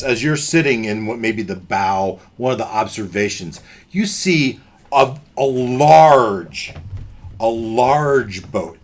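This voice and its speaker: A man running a tabletop fantasy game as game master, describing scenes to his players. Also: medium pitch.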